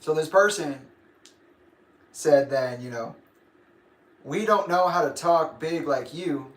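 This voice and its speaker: A man's voice: fairly high pitch, slow pace. A young man hosting a casual livestream, rambling and grumpy, laughing often. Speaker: livestream host. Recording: echoey room.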